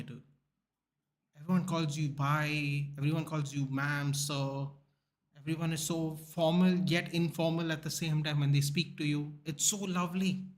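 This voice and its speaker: A young man, talking bluntly and swearing often as he chats with viewers on a live stream. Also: fairly high pitch. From India. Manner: blunt and animated, swears often, calls people dude. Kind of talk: casual live-stream chat.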